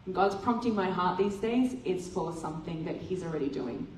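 A woman giving a testimony sermon at church, telling a lively story and acting out the dialogue. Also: lowish voice, normal speed, a little hiss or hum. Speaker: church speaker. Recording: roomy hall from a distant mic.

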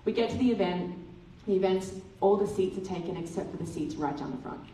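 A woman giving a testimony sermon at church, telling a lively story and acting out the dialogue. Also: medium pitch, fast talker, a little hiss or hum. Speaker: church speaker. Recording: roomy hall from a distant mic.

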